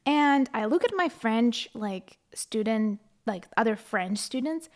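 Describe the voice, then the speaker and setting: A woman's voice: fairly high pitch, expressive, slow pace. A young woman from Ukraine, chatting casually on a live stream, telling stories, reading chat aloud and laughing often.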